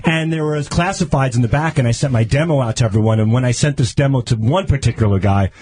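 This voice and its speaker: A man, a radio show regular who tells stories in a lively way and acts out other people's lines. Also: medium pitch, fast talker. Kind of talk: casual radio chat.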